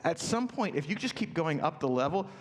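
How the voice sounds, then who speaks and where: A man preaching a sermon in a relaxed, conversational way, telling stories and acting out quotes. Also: a little high, brisk. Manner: conversational, storytelling with acted quotes. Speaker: pastor. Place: church auditorium. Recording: church hall reverb.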